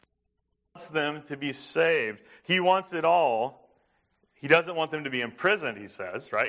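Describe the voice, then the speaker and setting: A man preaching a sermon, emphatic, asking his listeners questions and slowing down to stress a point. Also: on the high side, animated, a bit bright. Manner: emphatic, asks the congregation questions. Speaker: pastor.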